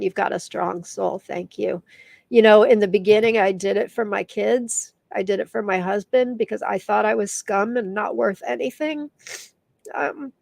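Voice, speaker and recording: A woman's voice: medium pitch, creaky, dry recording. A middle-aged woman hosting a casual live stream, teary and emotional as she reads viewer comments aloud. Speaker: live show host.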